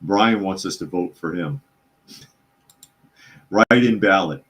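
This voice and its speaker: A podcast host with a low, deep, yet fairly bright voice runs a casual live news talk show at a slow pace. He reads chat comments aloud and responds with sarcastic, opinionated takes. His delivery rambles, full of fillers and repeated phrases.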